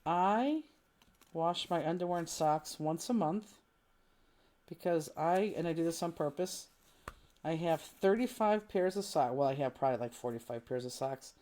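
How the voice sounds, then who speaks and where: A chatty middle-aged woman leads a live craft class, walking through each step as she cuts. Her voice sits a little low. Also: expressive, normal speed, warm tone. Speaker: crafting instructor.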